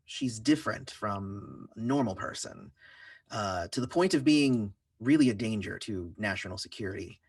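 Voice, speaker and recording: A man voicing a calm female federal agent. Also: very deep voice, husky, dry recording, studio quality, far from the mic, exaggerated voice. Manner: calm, measured.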